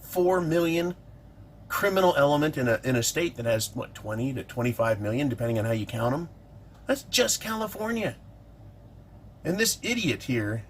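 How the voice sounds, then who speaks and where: A man's voice: medium pitch, a little hiss or hum. A middle-aged man ranting in an indignant, sarcastic vlog monologue about politics. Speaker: political commentator.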